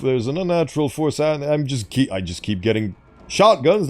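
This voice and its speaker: A man's voice: medium pitch, sing-song, normal speed, darkish tone, soft background music. A man giving casual gameplay commentary with theatrical, mock-grand asides. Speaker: gaming YouTuber.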